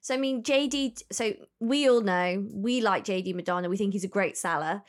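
Chatty woman podcast co-host. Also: medium pitch. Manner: animated storytelling, quick laughs. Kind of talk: casual chat.

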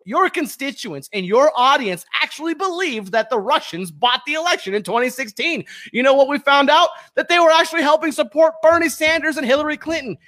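A fired-up man hosting his own podcast, ranting heatedly and then calmly giving plugs. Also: very high-pitched, a little fast, hardly any pauses. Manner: fired up, shouting accusations, then calm plugs. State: sweating, worked up. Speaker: podcast host. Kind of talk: heated political rant.

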